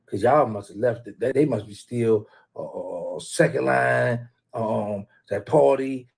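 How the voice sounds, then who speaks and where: A man hosts a casual live stream, rambling, trash-talking, and teasing rival fans while calling out viewers by name. His medium-pitched voice is creaky and husky, with a measured pace.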